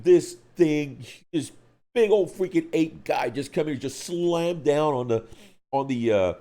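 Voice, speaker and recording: A man co-hosting a live stream, telling a gaming story in an animated way, acting out voices and screams. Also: mid-range voice. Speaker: co-host of a hobby live stream.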